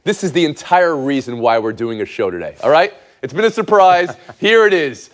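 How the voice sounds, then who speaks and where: A man's voice: fairly high pitch, big pitch swings. Playful male sports show host. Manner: playful, quick scorekeeping banter. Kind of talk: sports panel show hosting.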